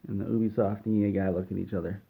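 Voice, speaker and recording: A man telling an absurd comic story in a deadpan, rambling way. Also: fairly low pitch, racing, vocal fry, husky. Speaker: comedy storyteller. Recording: tinny phone-like sound.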